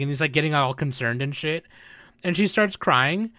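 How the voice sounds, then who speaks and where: Bright-voiced casual male podcaster. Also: fairly high pitch, normal speed, no room sound. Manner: animated retelling, acting out characters' lines; swears often. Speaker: podcast co-host. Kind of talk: casual chat.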